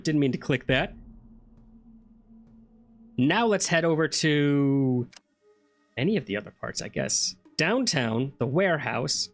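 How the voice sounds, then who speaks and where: Lively man thinking aloud over gameplay. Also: a little high. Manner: chatty, thinks aloud, self-questioning. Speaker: gameplay streamer. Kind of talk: let's play commentary.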